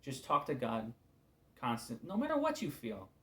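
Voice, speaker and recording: A man giving an informal devotional talk as a preacher, casual and candid, weary and subdued, often trailing off into quiet asides. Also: medium pitch, huge pitch swings, moderate pace.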